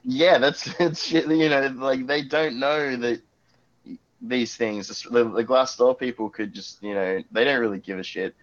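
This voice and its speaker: A man telling a rowdy, profane work story, getting loud as he acts it out. His voice sits at a middle pitch. The audio is dull and lo-fi. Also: unhurried. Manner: profane, animated storytelling with bursts of shouting. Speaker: podcast panelist. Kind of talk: casual storytelling.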